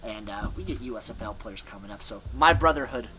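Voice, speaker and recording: A man's voice: lowish voice, animated, brisk, a crowd in the background, rough recording. A man hosting a sports podcast, rambling in scattered, clipped fragments and laughing at himself. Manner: scattered, fragmented, self-mocking. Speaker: podcast host.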